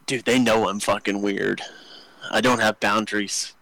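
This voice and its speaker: A man's voice: lowish voice, steady tone, gravelly, fairly bright tone, dry recording, poor audio. Crude joking young man on a podcast. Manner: crude, joking, fast rambling with many fillers. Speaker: podcast co-host. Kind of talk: casual storytelling chat.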